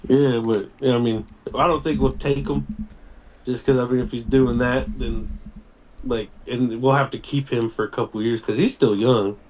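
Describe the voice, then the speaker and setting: A man's voice: medium pitch, fairly even intonation, a little mellow, slight background noise, low-quality recording. A man co-hosting a casual sports podcast over a video call, loose and swearing freely. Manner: loose and profane, drawn-out storytelling. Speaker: podcast co-host.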